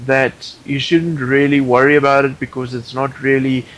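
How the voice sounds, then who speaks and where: A man's voice: medium pitch, flat delivery, normal speed, fairly bright tone, poor audio. A man guest on a podcast in casual chat, opinionated and rambling, with many restarts.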